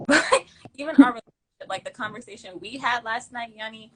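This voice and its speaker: Young female livestream host, slightly high voice, slangy and emphatic, casual chat. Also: a little fast, noisy background. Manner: warm effusive shout-outs, slangy and emphatic.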